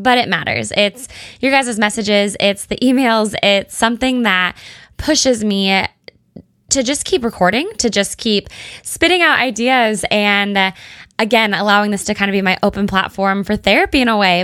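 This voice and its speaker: A woman's voice: medium pitch, fairly bright tone, no room sound. Young woman, podcast host, upbeat chatty tone, close dry mic, faint music behind. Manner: upbeat, chatty, thinking aloud. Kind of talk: solo podcast chat.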